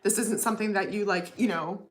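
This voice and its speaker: A woman's voice: medium pitch, fairly even intonation, brisk, over loud music. A woman giving a casual tarot reading to her viewers, chatty, often adding "okay?" and "you know what I mean?". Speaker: tarot reader.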